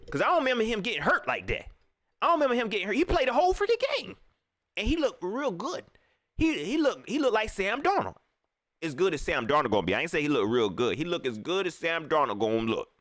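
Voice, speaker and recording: A man ranting in casual slang about football, repeating his points with animated emphasis. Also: on the high side, fast talker, no room sound, clean studio sound. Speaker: sports vlogger. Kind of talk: casual sports rant.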